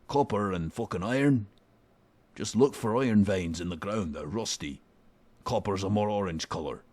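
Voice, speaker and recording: A foul-mouthed dwarf blacksmith with a deep, gravelly put-on voice, mocking and crude, as a man voices him for a game. He barks orders and sneers at the listener. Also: a little mellow. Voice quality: deeper put-on voice, not Scottish. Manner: rude, swearing, mocking. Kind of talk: fan voicing of a game character.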